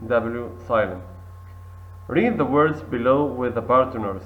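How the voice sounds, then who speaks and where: Male English teacher, very slow, drills each word twice, thin phone-like sound. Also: mid-range voice. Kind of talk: recorded classroom lesson. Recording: tinny phone-like audio.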